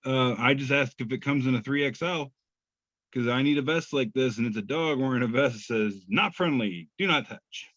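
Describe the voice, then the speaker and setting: A man's voice: medium pitch, steady tone, brisk, fairly bright tone, no room sound. A man co-hosting a podcast, reading memes aloud in a laid-back, chuckling, self-deprecating way. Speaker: podcast co-host. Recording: slightly muffled dry podcast audio.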